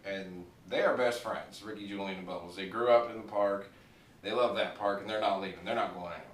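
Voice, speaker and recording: A man reviews a TV show in a casual, rambling way, swearing freely and laughing at his own jokes. His voice is fairly low, steady, brisk, and a bit bright, recorded in an echoey room on a distant mic with faint noise.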